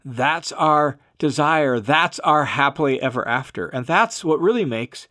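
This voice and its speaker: A man's voice: a little high, animated, unhurried, sharp tone. Earnest man giving a devotional talk. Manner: earnest, emphatic, reads scripture aloud. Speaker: podcast host and Bible teacher. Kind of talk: devotional podcast reflection.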